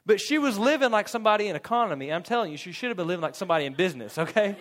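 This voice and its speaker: A young man with a drawl preaches in a lively storytelling way, his slightly high voice jumping around as he laughs through his own story. He acts out little bits of dialogue as he talks to the room. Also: very fast, a little hiss or hum. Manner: animated storytelling, laughs often, acts out quotes. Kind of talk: sermon with humorous personal story.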